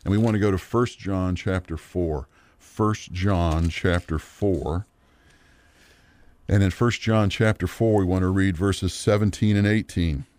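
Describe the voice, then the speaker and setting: A middle-aged man teaching a Bible lesson from a worksheet, earnest and measured, often pausing on fillers and restarts. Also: low-pitched, a little mellow, dry recording. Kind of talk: teaching sermon.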